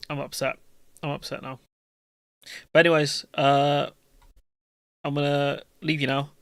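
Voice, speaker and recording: Male streamer, slightly higher voice, flat delivery, jokey and slangy, dry close sound. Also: slow pace, pauses often, smooth, no room sound. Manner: jokey, rambling, slangy, speaks in memes. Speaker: live-stream host. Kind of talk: casual live-stream chat with viewers.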